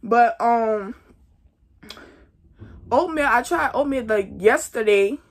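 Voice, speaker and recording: Young woman, casual vlogger, unhurried and chatty, slightly high voice, queasy. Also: animated. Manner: chatty, talks straight to viewers as y'all. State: nauseous. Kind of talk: casual pregnancy update vlog.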